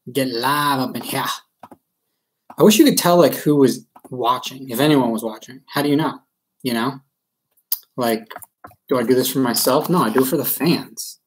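A man who breaks cards on live streams, hailing from Maryland, USA, keeps up a rambling, casual chat, hesitating with ums and uhs and running himself down. His pitch is medium and the audio is poor.

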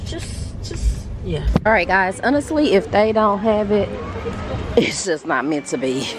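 A young woman, talking to a handheld phone camera in an animated, outspoken vlog, cursing freely. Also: medium pitch, measured pace. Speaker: vlogger. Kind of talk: casual vlog chat. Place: in stores and a car. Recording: background noise from stores and car. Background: store and car noise.

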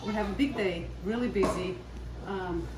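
A woman's voice: medium pitch, normal speed, background noise. A woman chatting to camera in her home kitchen while prepping meals, casual and talkative. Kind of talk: casual vlog chat. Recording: roomy kitchen sound from a distance.

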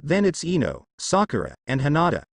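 A man voicing a friendly adult ninja teacher who calls out names and results briskly. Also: a little high, wildly swooping pitch, creaky, dry recording, clean studio sound, full character voice. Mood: announcing.

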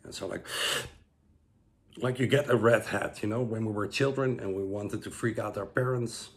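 A man giving a relaxed, rambling guided breathing lesson, full of fillers and restarts. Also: on the low side, normal speed. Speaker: breathwork instructor.

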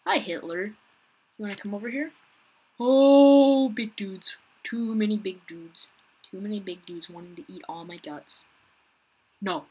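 A woman talking through an online game for her viewers, chatty and quick to get frustrated. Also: lowish voice, slightly rough. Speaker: gaming YouTuber. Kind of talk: casual gameplay commentary.

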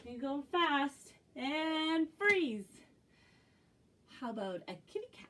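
A woman's voice: high-pitched, sing-song, slow, a bit bright. A woman librarian leading young children through animal games and action rhymes in a cheerful sing-song manner. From Canada. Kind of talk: children's music and movement class. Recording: distant from the mic.

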